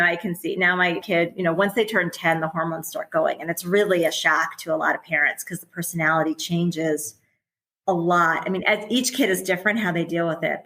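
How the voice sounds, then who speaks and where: A woman's voice: on the low side, vocal fry, a bit bright. Chatty, candid middle-aged woman. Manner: chatty and candid, laughs often while talking. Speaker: podcast guest. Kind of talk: casual conversational interview.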